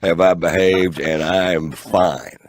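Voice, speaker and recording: A man putting on a slow, deep, boastful voice of a defiant man. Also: steady tone, a little hiss or hum.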